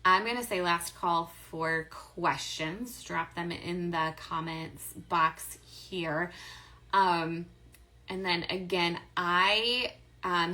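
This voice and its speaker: An upbeat woman chats through a live stream, answering viewer questions. Her voice is bright and a little low for a woman. She talks casually and corrects herself often. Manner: chatty and upbeat, many fillers and self-corrections. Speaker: host of a live stream on affiliate marketing.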